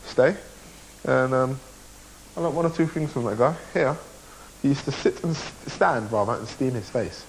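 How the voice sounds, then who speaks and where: A man's voice: medium pitch, normal speed, rough recording. A young man with a chatty, rambling manner gives a casual handheld video tour, recorded on a camcorder mic. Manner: chatty, rambling, playful asides. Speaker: contestant filming a video diary. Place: large house indoors and on a balcony. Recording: faint hiss.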